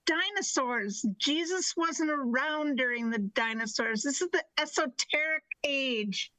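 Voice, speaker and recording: Woman, improv performer, high bright voice, slow deliberate delivery, dry close sound. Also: no echo, rough recording. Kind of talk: improvised comedy scene.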